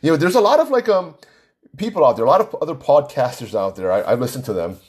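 A man's voice: medium pitch, sing-song, fast talker, breathy edge. A man hosting his own podcast, arguing emphatically and repeating himself, with rambling fillers. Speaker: podcast host. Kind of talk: solo sports podcast rant.

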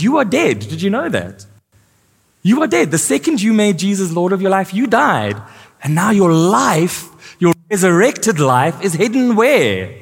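A man's voice: high-pitched, gravelly, slightly rough. A male pastor preaching a sermon, asking his congregation questions as he goes. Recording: live church sound with long reverb.

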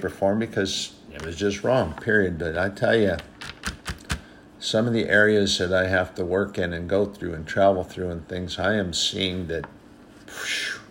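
A man's voice: low-pitched, slight background noise. A man giving an informal, earnest sermon, telling a personal story in a conversational, rambling way. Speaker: preacher.

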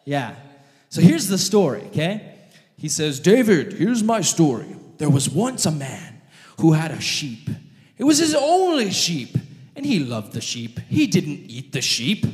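A man preaching an animated, jokey sermon, addressing his audience directly as he tells a story. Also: on the high side, a little slow. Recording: long hall reverb.

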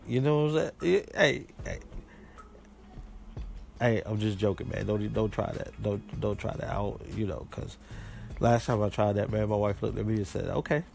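A man's voice: lowish voice, moderate pace, gravelly, a little mellow, soft background music. A man hosting a casual call-in show, joking around in a playful, slangy storytelling way. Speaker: podcast host answering voice messages.

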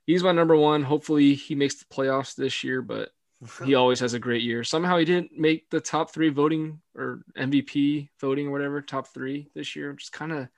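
Young male podcast co-host, easygoing and giggly, mid-pitched, dry close recording. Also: gravelly, dry recording. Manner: laughs often, hedging fillers. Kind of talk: casual sports podcast chat.

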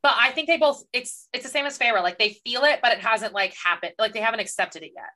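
A young woman co-hosting a podcast, venting about a book in quick, exasperated casual talk and acting out the characters' lines. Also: on the high side, pushed and bright. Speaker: podcast co-host.

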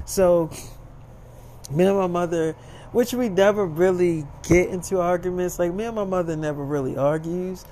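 A man's voice: sits high, normal speed, warm tone, slight background noise, poor audio. A man telling a casual, profane, rambling story and acting out the dialogue.

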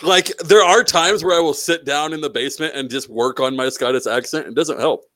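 A man hosting a podcast in casual chat. He speaks loudly, swears freely and picks playful fights. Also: on the high side, fairly quick, dry recording. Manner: loud, profane, playfully combative. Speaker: podcast host.

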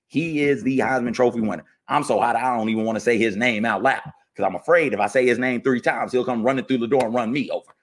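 A man, fired up and ranting about football as a podcast co-host, jumping from loud outbursts to low grumbles. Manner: fired-up, swings from shouting to muttering. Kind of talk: heated sports rant.

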